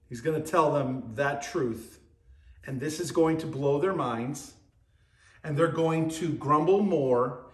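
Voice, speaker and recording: A man preaching a sermon, teaching verse by verse with emphatic rises and low, quiet drops. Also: slow, reverberant.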